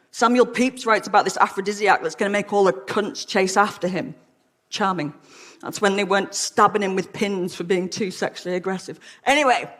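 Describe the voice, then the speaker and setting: Frank, witty Englishwoman giving a talk. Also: mid-range voice. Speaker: lecturer. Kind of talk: humorous public talk. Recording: long hall reverb.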